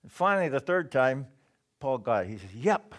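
A man preaching a sermon in a slow, deliberate way, pausing often and clearing his throat now and then. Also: medium pitch, big pitch swings, a bit bright.

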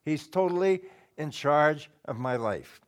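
Slow, lively-voiced male preacher. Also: on the high side. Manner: slow, deliberate preaching with pauses and throat-clearing. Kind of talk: sermon.

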